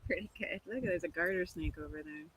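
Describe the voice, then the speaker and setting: A man's voice: high voice, brisk, recorded from a distance, crowd noise, poor audio. A man visiting and chatting in a friendly, enthusiastic way, laughing easily. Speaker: passing visitor. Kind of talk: casual chat. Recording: windy outdoor noise.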